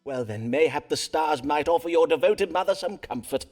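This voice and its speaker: A man's voice: a little high, lively intonation, normal speed, a little mellow, faint music behind, lightly acted. A man voicing a dramatic Elizabethan astrologer. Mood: grave. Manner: archaic, theatrical speech.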